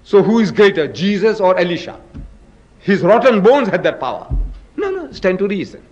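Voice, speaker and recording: In a muffled recording, a man speaking in a religious debate delivers an emphatic public lecture in a high, sing-song, darkish voice at normal speed. He's dramatic, firing rhetorical questions at the audience and acting out scripture quotes.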